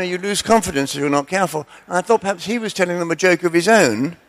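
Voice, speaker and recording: A man preaching in a relaxed, chatty way, drifting into jokes and stories with self-deprecating asides. His voice is gravelly and sits a little high for a man. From Scotland. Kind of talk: sermon with humorous storytelling.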